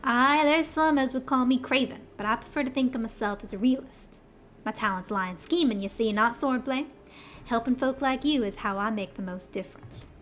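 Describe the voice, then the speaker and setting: A woman's voice: on the high side, normal speed, fairly bright tone, a little hiss or hum, lightly acted. A woman reading game dialogue aloud, voicing a blunt, folksy middle-aged male schemer in a heavy Southern US twang. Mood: earnest. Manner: folksy, blunt, rough-spoken.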